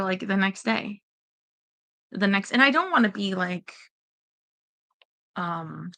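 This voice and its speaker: A woman's voice: mid-range voice, creaky, bright, forceful tone. A woman rambling anxiously in casual livestream chat, talking straight to her viewers.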